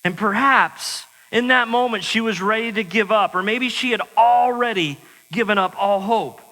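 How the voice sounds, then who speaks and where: A man delivers a sermon in a church sanctuary, his voice high and bright. He keeps it conversational and pokes fun at himself. A long reverb trails his words through the hall. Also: normal speed. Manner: conversational, self-mocking humor. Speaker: pastor.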